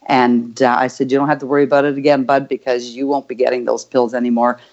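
An older woman, a grandmother, telling a heartfelt story as a guest, halting with many fillers. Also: very deep voice, level tone, a little mellow, dull audio. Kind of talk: casual storytelling.

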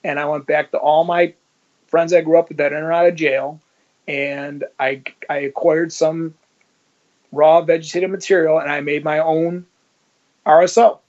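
A man's voice: a little high, level tone, normal speed, a little mellow. A man telling his own story in an interview, swearing and acting out every exchange. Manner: vivid, swears, acts out dialogue. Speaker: interview guest. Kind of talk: personal storytelling. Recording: dull lo-fi sound.

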